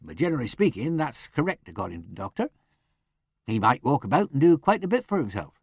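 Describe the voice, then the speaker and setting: A man's voice: mid-range voice, big pitch swings, quick pace, vocal fry, a little mellow, husky, no echo, clean studio sound, full character voice. A man reading an audiobook, voicing a middle-aged country police superintendent with a broad rural dialect who likes quoting poetry. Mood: explaining. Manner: broad rural dialect, ponderous and fond of quotations.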